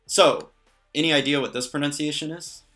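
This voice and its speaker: A man's voice: on the high side, fairly even intonation, fairly quick, fairly bright tone, soft background music. A man teaching vocabulary in a casual spoken lesson, patient and careful, explaining step by step and adding small jokes. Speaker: language teacher.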